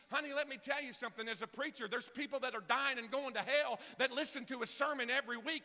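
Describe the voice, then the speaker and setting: A male pastor with a Southeast Kentucky accent preaching a sermon, swinging from shouted peaks to low, quiet asides. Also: moderate pace, in a large hall.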